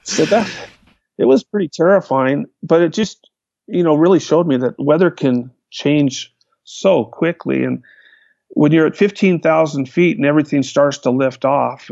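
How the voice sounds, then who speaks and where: Gravelly guy telling a wild flying story, dry dull lo-fi sound. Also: a little high, normal speed, no echo. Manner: animated, vivid retelling with restarts. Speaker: guest, hang glider pilot. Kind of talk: storytelling in a conversation.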